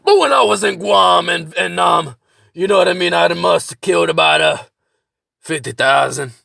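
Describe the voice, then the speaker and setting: A man voicing a crazed older male war veteran who rants, curses and shouts from his bunker. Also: sits high, normal speed, gravelly, no room sound, studio quality, voice pushed up, full character voice. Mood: boastful. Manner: ranting, cursing, shouting.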